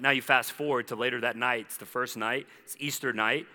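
Male pastor, bright and forceful, animated conversational preaching, echoey hall. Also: medium pitch, fairly quick, few pauses. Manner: animated storytelling with conversational asides. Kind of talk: sermon.

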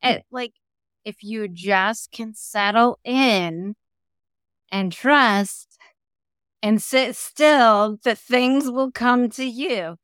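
Smooth-voiced, encouraging woman host. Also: fairly high pitch, drawn-out words, a bit bright, dry recording, studio quality. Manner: reflective, encouraging, uses "like" and "right?". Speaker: podcast host. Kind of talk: conversational interview.

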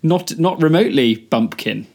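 A man's voice: fairly high pitch, lively intonation, moderate pace, darkish tone. Dry, teasing male podcast co-host. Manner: dry, teasing, laughs along. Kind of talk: casual chat.

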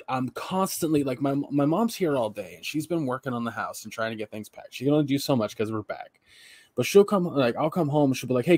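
A man's voice: mid-range voice, a little mellow, no echo. A young man and podcast co-host, casually telling long, profane, rambling stories about work and home. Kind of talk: casual chat.

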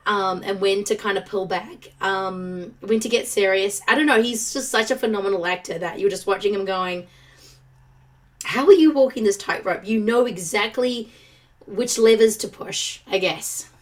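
A woman co-hosting a podcast, talking about films in an animated, opinionated, chatty way. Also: medium pitch, moderate pace. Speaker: podcast co-host. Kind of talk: casual chat about movies.

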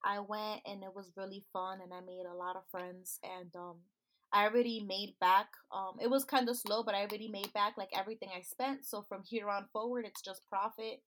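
A woman's voice: medium pitch, fairly quick. A woman co-hosting a podcast, telling stories in casual chat with lots of laughter. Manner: animated storyteller who laughs often. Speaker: podcast co-host.

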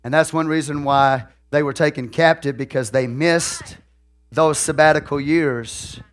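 Texan pastor guy, folksy sermon, slightly high voice, goes from quiet asides to hollering. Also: fairly even intonation, measured pace. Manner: swings from soft asides to loud shouted preaching; folksy, peppered with "okay?" and "hallelujah".

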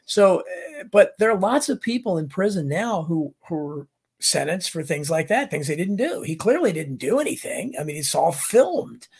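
A man's voice: sits high, normal speed, gravelly, husky. A male show host talking about politics casually, rambling from one tangent to the next. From United States. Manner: rambling, animated, jumps between tangents.

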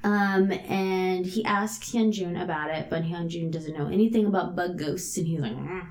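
A woman's voice: on the low side, normal speed. Laid-back swearing woman co-host. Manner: laid-back, swears casually, summarizes plot. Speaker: podcast co-host. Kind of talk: casual chat recapping a TV show.

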